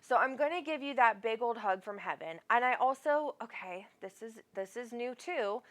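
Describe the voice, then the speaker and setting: A woman's voice: on the high side, expressive, normal speed. A middle-aged woman hosting a live psychic reading show, talking to callers in a rambling, affectionate way with lots of fillers. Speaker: psychic medium host.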